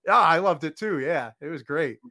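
Relaxed man host, dry sound. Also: on the high side, moderate pace, dry recording. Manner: relaxed, agreeable, short reactions. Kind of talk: casual interview chat.

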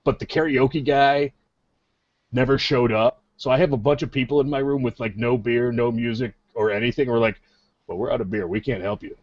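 A man's voice: mid-range voice, fairly even intonation, a little fast, dry recording. Chuckling man recounting a party story. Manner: chuckling, keeps quoting others. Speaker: podcast co-host. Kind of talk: casual storytelling chat. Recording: dull lo-fi sound, dry.

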